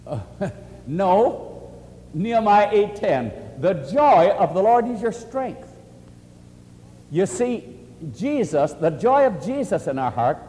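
Man preacher, high lively voice, mellow tone, long hall reverb. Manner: animated, earnest, quotes scripture often. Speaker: preacher answering questions. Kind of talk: sermon-style question and answer.

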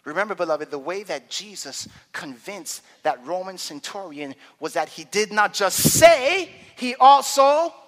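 A man preaching a sermon with dramatic swings from quiet murmurs to loud climaxes. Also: sits high, very animated, measured pace, hardly any pauses. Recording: long hall reverb.

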